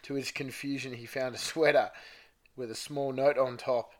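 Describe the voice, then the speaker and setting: A man's voice: mid-range voice, fairly even intonation, moderate pace. A man co-hosting a podcast, reading fanfiction aloud in a playful way. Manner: playful, breaks into laughter while reading. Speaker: podcast co-host.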